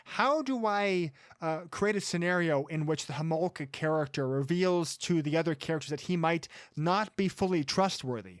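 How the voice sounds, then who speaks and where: A man's voice: a little high, expressive, moderate pace, few pauses, dry recording, clean studio sound. A man co-hosting a casual film-review podcast, wryly summarizing scenes. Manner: wry, summarizing scenes, doing character voices. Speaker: podcast co-host.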